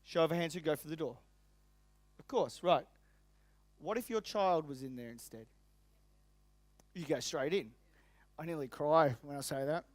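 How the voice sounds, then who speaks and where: A middle-aged man, a business coach, giving an energetic, emphatic seminar talk and addressing the audience directly. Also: on the high side, dry recording. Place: seminar venue.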